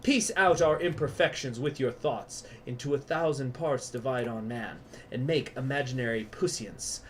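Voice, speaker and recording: A man putting on a grand British accent to voice a male warlord declaiming a stage prologue slowly and theatrically. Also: medium pitch, slight background noise, close to an everyday voice. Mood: grandiloquent. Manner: slow, declamatory stage recitation.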